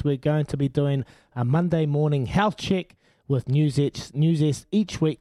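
A man's voice: on the high side, mellow, no room sound. A man with a New Zealand accent co-hosting a radio show, joking and calling everyone mate. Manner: matey, joking, calls people mate. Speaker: radio co-host. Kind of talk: casual radio banter.

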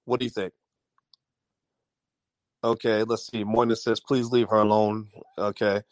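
A man's voice: on the low side, flat delivery, unhurried, dry recording. A man hosting an audio-only livestream, talking casually to his chat and reading viewers' comments, with many fillers and restarts. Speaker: livestream host.

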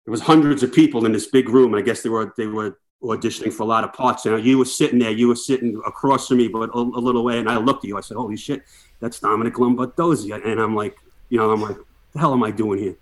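A man's voice: mid-range voice, fast talker. Storytelling middle-aged firefighter man. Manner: lively anecdotes, acts out quoted dialogue. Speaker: guest, firefighter. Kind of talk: casual storytelling chat.

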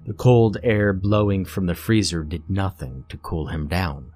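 A man reading a horror story aloud in a steady, measured narration. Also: sits low, soft background music.

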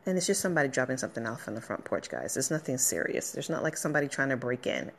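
Low-pitched lady doing her podcast, kinda emotional, pep talk vibes, rambles. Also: sing-song, rapid-fire. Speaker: podcast host. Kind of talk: casual motivational podcast talk. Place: at her workplace, a dog barking nearby.

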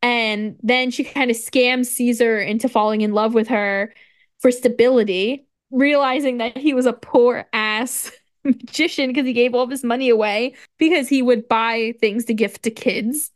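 A woman co-hosting a podcast, casually recapping a story with lively retellings, frequent "like", casual swearing and laughter. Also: fairly high pitch, normal speed. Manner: animated storytelling, acts out dialogue, frequent "like". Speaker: podcast co-host. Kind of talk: casual chat recapping a video game story.

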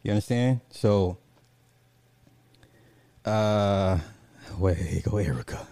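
A male live streamer talks loosely to his viewers, reading comments and launching into animated rants. He laughs often and swears without a second thought. His voice is warm and mellow, and it sounds dry and close. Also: lowish voice, measured pace, pauses often, no echo.

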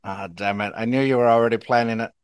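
A man with a Mexican accent hosting a podcast in casual chat, excitable and rambling, laughing often and restarting sentences. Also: mid-range voice, fast talker, smooth, dry recording. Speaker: podcast host.

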